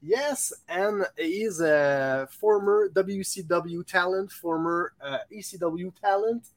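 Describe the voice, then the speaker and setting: A man from Quebec with a Québécois French accent, a native French speaker hosting a casual podcast interview in eager, halting English. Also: high-pitched. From Quebec, Canada. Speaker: podcast host.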